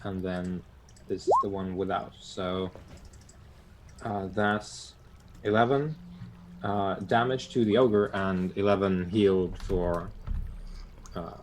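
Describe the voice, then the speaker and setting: A low-voiced man chatting casually through his dice results. He rambles a bit as he explains, with a faint hiss behind him. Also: slow, pauses often. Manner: casual and filler-heavy. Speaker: player. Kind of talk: casual tabletop game talk.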